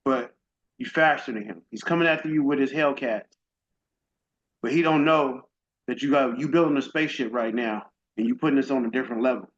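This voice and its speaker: The middle-aged summit speaker talks with a brisk, medium-pitched voice as he gives his emotional, faith-centered testimony. His manner is casual and direct, and the recording sounds dull and lo-fi.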